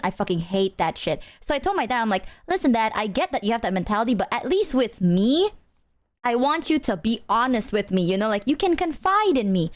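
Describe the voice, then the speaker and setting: A woman's voice: fairly high pitch, very animated, brisk. Chatty streamer woman, swearing freely. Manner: rambling, swearing storyteller. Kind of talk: casual chat with viewers.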